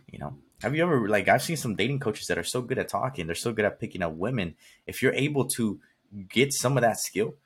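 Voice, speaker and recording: This podcast host, a man from California with a lowish, slightly rough voice, speaks directly to the listener in a blunt motivational monologue. He swears casually and repeats himself to drive the point home.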